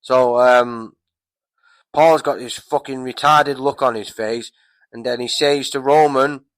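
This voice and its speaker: A man's voice: medium pitch, fairly even intonation, takes it slowly, a bit bright, no echo. A man giving a casual, rambling recap of a wrestling show, swearing heavily and getting heated. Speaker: wrestling commentator vlogger.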